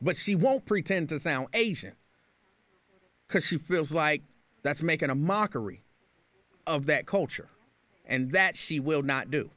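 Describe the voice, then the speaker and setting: A talk radio host with a voice on the high side argues his opinion in a studio monologue, hammering it home through repetition. He's unhurried, with lively intonation, long pauses, and a fairly bright tone, captured dry on a studio microphone.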